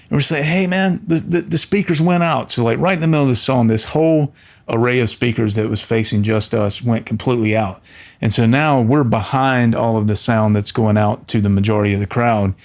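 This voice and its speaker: A man's voice: on the low side, a little fast. A middle-aged man, an audio engineer, talking earnestly to camera and telling a story, often restarting his words. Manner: earnest, storytelling, with frequent restarts and animated quoted voices. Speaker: audio engineer and channel host. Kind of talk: casual talk to camera.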